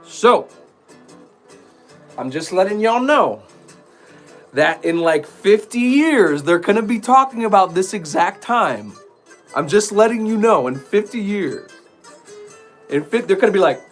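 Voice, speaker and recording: A man's voice: a little high, expressive, normal speed, soft background music. A man giving an emphatic, preachy casual monologue to his viewers, rambling with restarts. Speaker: streamer talking to viewers.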